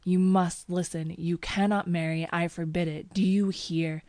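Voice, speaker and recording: A woman's voice: lowish voice, fairly even intonation, measured pace, darkish tone, no echo, natural voice. A woman reading a raving man who would be king. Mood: ranting. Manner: fierce, commanding declarations. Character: deranged young man claiming a crown.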